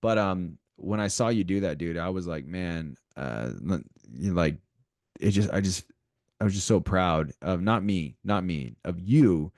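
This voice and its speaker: A man's voice: sits low, expressive, unhurried, darkish tone, no room sound, clean studio sound. A man co-hosting a podcast, talking animatedly in a motivational way, repeating himself and speaking straight to the listeners. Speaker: podcast co-host.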